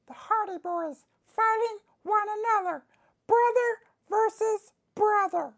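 A woman voicing an angry, boastful male wrestler in a comedy sketch interview, ranting and repeating herself with slow, heavy emphasis. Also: very high voice, exaggerated voice.

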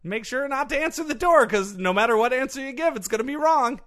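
A man puts on a cheery psychopathic golfer in an improvised comedy bit. His voice sits high and swings a lot, bright and light. He stays breezy and matter-of-fact no matter how dark things get. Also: lively intonation, fast talker. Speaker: comedy guest.

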